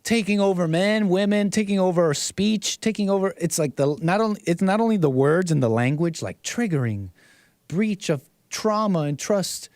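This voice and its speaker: A man's voice: high-pitched, lively intonation, normal speed, a little mellow, no echo. Mocking, rambling male commentary host. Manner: mocking, rambling, repeats himself, frequent chuckles. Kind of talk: casual commentary.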